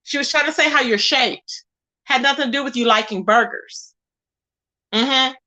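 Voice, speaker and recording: A woman's voice: high-pitched, moderate pace, bright, forceful tone. A woman hosting her own channel, giving sassy, emphatic gossip commentary straight to her viewers. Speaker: channel host.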